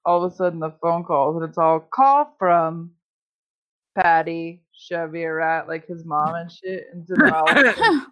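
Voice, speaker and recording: A woman's voice: on the low side, fast talker, a bit bright. A woman telling stories in a casual chat, swearing constantly and rambling with lots of fillers. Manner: profane, rambling storytelling with many fillers. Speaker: podcast host. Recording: dull lo-fi sound.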